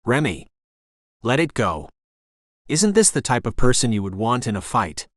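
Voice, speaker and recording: A man's voice: mid-range voice, big pitch swings, moderate pace, dry recording, studio quality. Man voicing a bossy, blunt young woman. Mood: exasperated. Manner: sharp, exasperated, no-nonsense.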